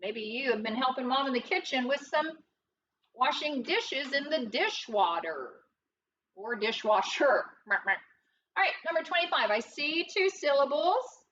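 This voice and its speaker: A woman's voice: high-pitched, expressive, unhurried, fairly bright tone, distant mic, highs cut off, slight background noise. A woman teaching a recorded phonics lesson, explaining step by step in a patient, encouraging, sing-song way.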